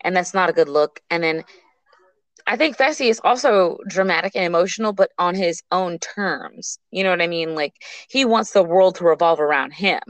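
Woman with a lowish voice, casual chat. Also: dry recording, poor audio. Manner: brief reactions, then measured opinions. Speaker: podcast co-host.

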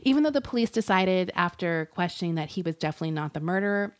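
Woman podcast host, lower register, casual storyteller, giggly and loose, swears now and then. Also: animated, fast talker. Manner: chatty and giggly, swears, uses lots of fillers. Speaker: podcast co-host telling a true crime story. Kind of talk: casual chat.

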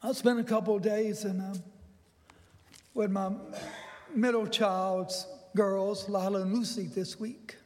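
An older man preaching a sermon, telling a folksy personal story that builds to excited bursts. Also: high voice, a little slow. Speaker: pastor. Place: church sanctuary. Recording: long reverb in a large hall.

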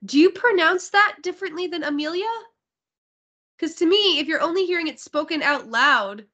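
A woman's voice: extremely high pitch, animated, normal speed, sharp tone. A woman co-hosting a podcast, reviewing a romance novel in casual, enthusiastic chat and swearing now and then. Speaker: podcast co-host.

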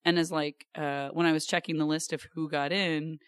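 A woman's voice: sits low, level tone, normal speed, clear, resonant tone, no echo, clean studio sound. A woman in her thirties, a podcast guest chatting casually with a wry, self-deprecating humor. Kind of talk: casual chat.

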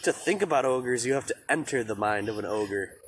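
A man's voice: mid-range voice, animated, brisk, slight background noise. A young man co-hosting a podcast in casual chat, laid-back and crude, joking and laughing often. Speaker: podcast co-host.

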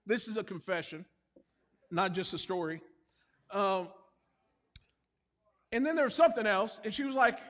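A man with a high voice preaches to his church, telling confessional stories with self-deprecating humor. His words carry a long reverb through the hall. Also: animated, normal speed, long pauses, a bit bright. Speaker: pastor. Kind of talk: sermon.

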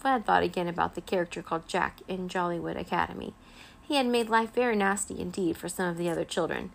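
A woman reading a children's chapter book aloud as a bedtime story, in a gentle, expressive way. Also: fairly low pitch, fast, creaky.

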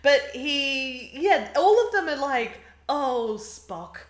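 A woman co-hosting a casual chat, animated, laughing often and quoting characters mockingly. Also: high voice, takes it slowly. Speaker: podcast co-host. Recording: roomy echo.

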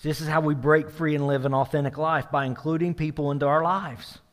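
A man's voice: on the high side, fairly even intonation, brisk. A middle-aged man preaching a sermon as pastor, talking conversationally, often checking in with the room, his voice building as he retells a story. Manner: conversational, asks the room "right?", builds in intensity while retelling. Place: church sanctuary. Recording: long hall reverb.

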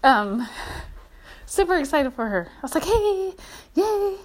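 A woman chatting on a walking vlog outdoors by a creek, rambling and excitable, a little out of breath from walking. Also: high voice, normal speed, background noise. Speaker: vlogger.

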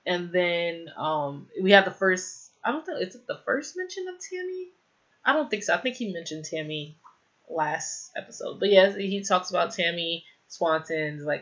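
A woman's voice: lowish voice, animated, normal speed, a bit bright. A young woman casually recapping a TV episode, rambling with lots of "like" fillers and exasperated, opinionated asides. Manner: rambling, heavy use of "like" fillers. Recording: slightly dull lo-fi audio.

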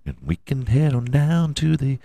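A man hosting a casual solo sports podcast, rambling and profane, with a scratchy throat he keeps clearing. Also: mid-range voice, big pitch swings, normal speed, mellow, no echo. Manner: rambling, profane, self-mocking asides. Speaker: podcast host.

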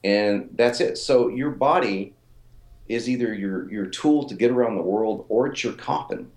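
A man's voice: fairly low pitch, unhurried, darkish tone, roomy sound. A man in his forties, a fitness author and coach, telling stories in a casual interview with many fillers and repeated words. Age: 40s.

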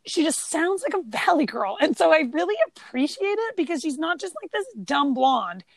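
A high-pitched woman co-hosting a relaxed film chat, animated and quick to act out the lines she quotes. The sound is dry and close to the mic. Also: gravelly, dry recording. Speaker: podcast co-host. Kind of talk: casual chat about a film.

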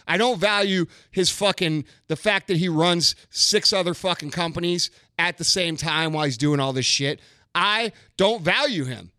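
Male host ranting into the mic, profane and blunt, high bright voice, dry sound. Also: animated, measured pace, no room sound. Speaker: podcast host. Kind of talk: ranting monologue.

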